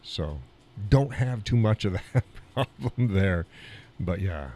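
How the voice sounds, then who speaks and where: A man's voice: fairly low pitch, animated, slow pace, mellow. An American man hosting a live stream, chatting in a rambling, folksy way. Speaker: live show host. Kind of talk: casual chat on a live stream.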